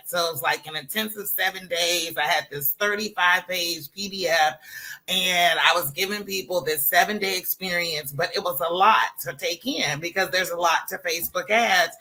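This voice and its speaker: A woman being interviewed over a live video call, upbeat and quick to laugh. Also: fairly low pitch, sharp tone, poor audio. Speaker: interview guest. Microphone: video call with a computer.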